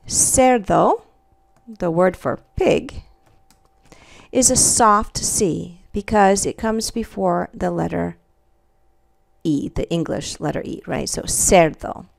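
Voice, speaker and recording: A woman gives a Spanish pronunciation lesson at a deliberately slow pace, repeating each example word with care. She keeps checking in with "okay" and "all right". Her voice sounds dry and close. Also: fairly low pitch, gravelly, no room sound. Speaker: Spanish teacher.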